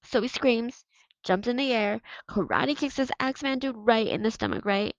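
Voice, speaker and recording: A woman's voice: a little high, normal speed, dry recording, muffled recording, pitched above the performer's own voice, natural voice. A woman reading aloud and voicing a cocky, mocking teenage boy who leads the soccer team. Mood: swaggering. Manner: taunting, swaggering.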